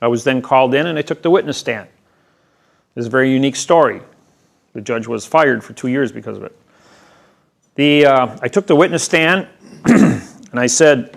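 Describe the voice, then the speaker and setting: A man speaking at a seminar, telling a long story in a rambling, halting way with frequent restarts and a colloquial "I says". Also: mid-range voice, expressive, gravelly. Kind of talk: storytelling lecture.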